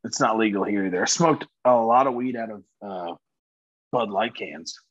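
A man's voice: fairly low pitch, moderate pace, lo-fi sound. A man guesting on a podcast, telling a story in casual chat and laughing along with it. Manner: animated, laughs through his own story.

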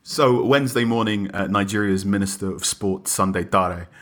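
Low-voiced male correspondent. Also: a bit bright. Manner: measured, with many "uh" pauses. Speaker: correspondent on the line. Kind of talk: explaining in a conversational interview.

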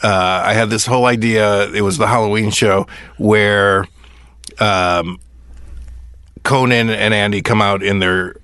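A man's voice: fairly low pitch, steady tone, measured pace, fairly bright tone, clear, resonant tone, no echo. A middle-aged man, a podcast host and former comedy writer, telling a rambling story in casual chat and restarting his sentences often.

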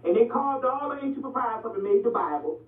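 A man with a high-pitched voice lectures bluntly, profanity and all, and keeps checking that his listeners follow him. He sounds thin and phone-like, as if he is far from the microphone in an echoing room. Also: lively intonation, fast. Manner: blunt and profane, repeatedly asks "you see what I'm saying". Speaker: lecturer on ancient Egyptian history and religion. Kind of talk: animated street-talk lecture. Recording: distant, echoey, phone-like lo-fi recording.

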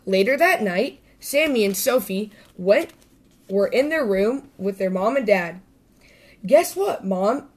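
A woman reads a children's picture book aloud as the host of a story podcast. Her voice sits in a middle pitch, and her manner is bright and lively. She gives small voices to the characters as she goes. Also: unhurried.

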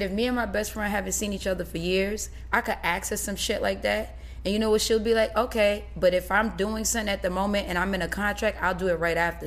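A woman, a guest on a chat show, telling a story in casual talk and acting out what people said. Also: mid-range voice. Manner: animated storytelling with quoted dialogue.

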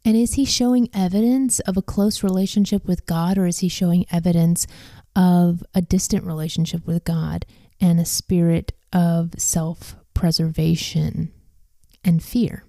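Woman Bible study leader, measured questioning tone, warm timbre, dry room. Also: fairly low pitch, fairly even intonation, dry recording. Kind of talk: scripture reading with discussion questions.

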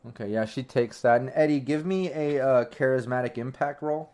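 A man's voice: mid-range voice, moderate pace, darkish tone. A man narrating as game master in a casual tabletop session, loose and rambling. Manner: loose, rambling, frequent ums.

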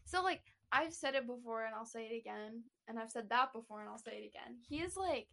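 A woman's voice: a little high, animated, a little fast, gravelly, sharp tone. Giggly, chatty young-sounding woman podcaster. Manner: chatty, giggly, says "like" a lot. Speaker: podcast co-host. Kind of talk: casual chat.

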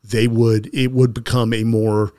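A man's voice: mid-range voice, flat delivery, measured pace, warm tone. A middle-aged man hosting a conversational interview, speaking earnestly and often stopping to restart his sentences. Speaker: podcast host.

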